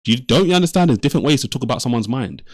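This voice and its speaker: A man hosts a heated online debate and keeps pressing his point, cutting in and repeating himself again and again. His voice sits at a middling pitch and comes through dry and close, with no room sound around it. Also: lively intonation, very fast, no echo. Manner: interrupts, repeats himself insistently. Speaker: livestream debate host.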